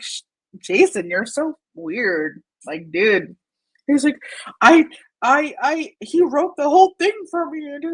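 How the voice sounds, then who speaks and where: A woman's voice: on the high side, poor audio. A woman hosting casual commentary over a shared screen, mocking, swearing and laughing often. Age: adult with a young daughter. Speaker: commentary channel host.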